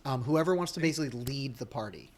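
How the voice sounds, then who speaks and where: Spielleiter eines Rollenspiels, stockend, mittlere Tonhöhe. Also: male voice, medium pitch, animated, fast talker. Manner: hesitant, many ums and restarts. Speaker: game master. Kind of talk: narrating a tabletop game.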